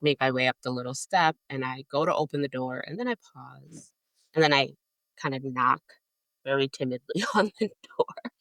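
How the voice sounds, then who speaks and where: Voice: medium pitch, fairly bright tone, dry recording. A person describing their character's actions in a tabletop game, hesitant and sometimes dropping to a whisper. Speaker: player.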